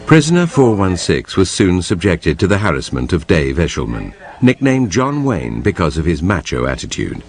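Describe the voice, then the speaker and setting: A man narrating a documentary in a measured, grave, scripted delivery. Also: sits low, huge pitch swings.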